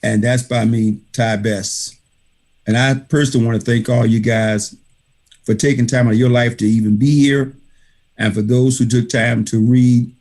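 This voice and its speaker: A man speaks over a video call in a middle-pitched voice, delivering an emphatic motivational talk. He drives his points home by repeating key phrases in a preacher-like rhythm. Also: a little mellow. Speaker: author thanking readers at an online book reading. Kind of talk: motivational speech.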